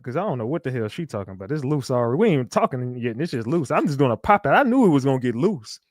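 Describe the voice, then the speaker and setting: A man's voice: a little high, no room sound. Casual livestream host, male, loose slangy banter, dry close mic.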